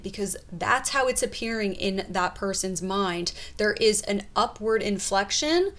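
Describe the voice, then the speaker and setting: Female analyst narrating commentary, slow deliberate delivery, calm and explanatory. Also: medium pitch. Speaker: body language analyst.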